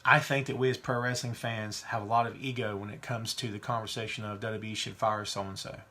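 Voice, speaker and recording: A man's voice: fairly low pitch, little pitch movement, a little fast, bright, forceful tone. A man hosting a wrestling podcast, talking casually and giving strong opinions while reading viewer questions. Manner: chatty, opinionated, reads live chat questions. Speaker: podcast host.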